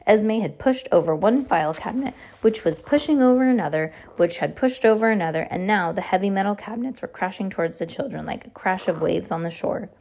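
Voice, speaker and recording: A woman's voice: medium pitch, lively intonation, brisk, creaky, hardly any pauses, darkish tone. A woman reading a novel aloud, often stumbling and correcting herself as she goes. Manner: frequent stumbles and self-corrections. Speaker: reader.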